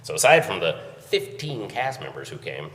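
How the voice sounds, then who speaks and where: A man's voice: low voice, big pitch swings, moderate pace, fairly bright tone, distant mic. A man, an event organizer, telling a story casually at a conference, chuckling as he recounts it. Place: conference hall. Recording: echoey hall, voice from afar.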